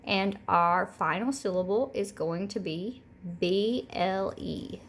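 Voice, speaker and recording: A woman teaching a recorded third grade word lesson, speaking clearly and repeating each word slowly for the children. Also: medium pitch, a little hiss or hum. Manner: slow, clear, modeling words by repeating them.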